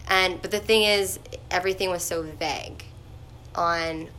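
Bright-voiced young woman telling a story. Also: on the low side, unhurried, slight background noise. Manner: chatty, lots of "like" fillers, animated retelling. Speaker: vlogger. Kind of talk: casual storytelling.

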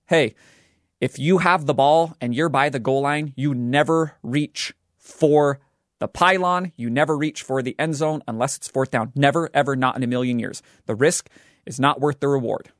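A young man hosting a sports betting show, talking in an animated, joking and emphatic way. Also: a little high, dry recording, clean studio sound. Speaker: sports podcast host. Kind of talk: scripted sports commentary.

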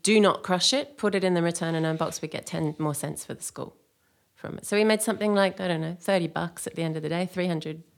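An English woman talks casually as a radio guest, her voice low and gravelly. She rambles, filling the gaps with ums. Her tone is low, with a rough, crackly edge. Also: quick pace, few pauses. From England. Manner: rambling, with many fillers. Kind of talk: casual chat.

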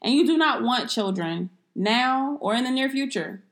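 A woman's voice: on the high side, animated, moderate pace, fairly bright tone. A young woman co-hosting a casual podcast, blunt and profane, ranting playfully. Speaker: podcast co-host.

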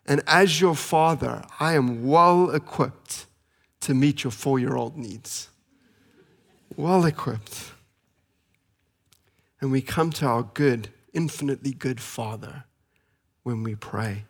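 A man in his thirties preaching a sermon as pastor, earnest and pleading, slowing for emphasis and speeding through family stories. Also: medium pitch, gravelly, fairly bright tone. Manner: earnest, pleading, with slow emphatic pauses and fast anecdotes.

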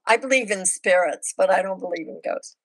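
Older woman, podcast guest, chatty storyteller, gravelly fry, dry recording. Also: medium pitch, fairly quick, dry recording, rough recording. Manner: chatty, anecdotal. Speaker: podcast guest, former senior missionary. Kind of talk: casual storytelling interview.

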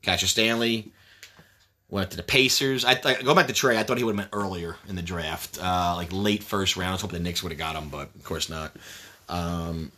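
A man with a lowish voice that still comes across bright and forceful, talking in a loose, casual chat. He is blunt and swears freely. He breaks into short, choppy fragments as he runs through basketball news. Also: fairly even intonation. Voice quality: blunt, profane, talks in quick fragments.

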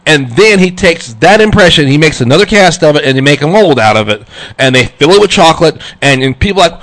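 A man hosting an internet radio show, telling a story in a loose, animated way and laughing along as he goes. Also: fairly high pitch, brisk. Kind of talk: casual on-air chat.

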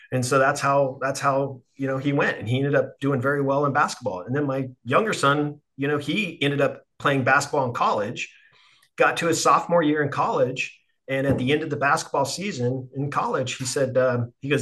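A middle-aged man hosting a relaxed conversation. He tells a family story in a loose, conversational way and often restarts his sentences. His pitch sits in the middle range. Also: moderate pace. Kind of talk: casual conversation.

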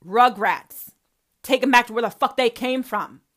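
A woman's voice: fairly high pitch, unhurried, fairly bright tone. Fiery, foul-mouthed woman podcaster. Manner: profane, confrontational and emphatic; speaks straight to her mother. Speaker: podcast host. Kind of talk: personal podcast monologue.

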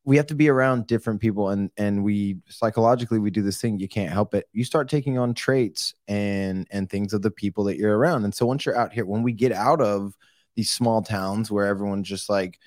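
Animated man from Oklahoma, dry sound. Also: on the low side, fairly quick, dry recording. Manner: animated, acts out other people's lines in mock voices. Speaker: podcast guest. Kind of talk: casual conversation.

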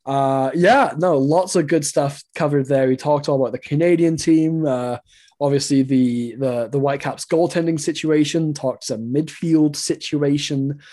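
A man's voice: on the high side, normal speed, warm tone. A man from England co-hosting a casual soccer podcast over a video call, rambling with lots of fillers and frequent chuckles. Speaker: podcast co-host.

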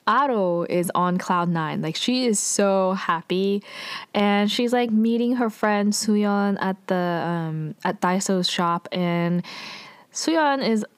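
A woman's voice: medium pitch, takes it slowly, smooth, dry recording. Chatty woman recapping a drama. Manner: chatty, filler-heavy, exasperated asides. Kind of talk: casual episode recap.

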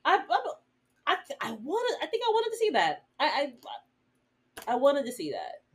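A woman co-hosting a podcast in a casual TV episode recap. Her voice is animated and giggly, with sudden jumps in pitch. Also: moderate pace. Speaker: podcast co-host.

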